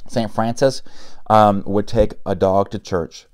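A man voicing a haughty, bold young girl who speaks clearly in a storybook reading. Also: fairly low pitch, steady tone, takes it slowly, darkish tone. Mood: earnest.

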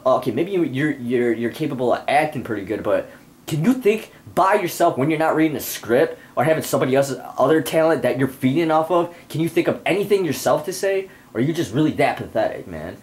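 A man's voice: a little high, expressive, a little fast, darkish tone. A young man playing a video game and ranting, irritable and constantly swearing, with game music behind him. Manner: foul-mouthed, irritable, ranting. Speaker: gamer. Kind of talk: profane let's-play rant.

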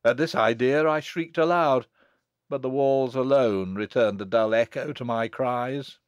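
A man's voice: medium pitch, a little slow, clear, resonant tone, no room sound, muffled recording, close to an everyday voice. A man reading as a wronged monk who speaks sternly and bitterly in an audiobook. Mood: anguished. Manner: stern, thundering.

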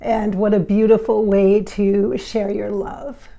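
A woman voicing a gracious, glamorous woman spirit in a soft, breathy, half-whispered way. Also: mid-range voice, level tone, slow. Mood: delighted. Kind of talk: channeled quotes in a vlog.

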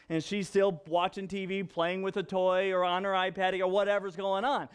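High-voiced pastor telling family stories. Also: male voice, normal speed, hardly any pauses, clean tone. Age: young father. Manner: animated storyteller, repeats himself for effect. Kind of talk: conversational sermon with personal stories.

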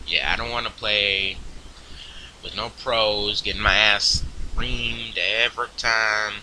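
A young man casually commentating his online game, crude and profane, rambling quietly and then suddenly yelling at other players. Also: on the low side, fairly even intonation, slow pace, a little hiss or hum, poor audio. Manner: crude, profane, swings into loud outbursts. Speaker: gaming video host.

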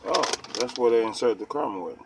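A man's voice: medium pitch, animated, fast, creaky, noisy background. A man in his fifties doing a casual food review vlog, laid-back and chatty with slang.

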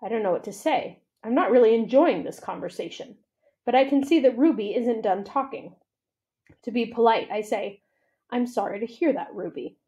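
A woman reading a children's novel aloud, telling the story in an expressive, steady way. Her voice is somewhat high yet soft and mellow in tone. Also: normal speed. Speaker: library storytime reader.

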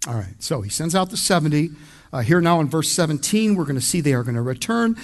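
A man's voice: on the high side, very animated, quick pace. A man from the United States preaching an expository sermon as pastor, emphatic and conversational, speaking straight to his congregation.

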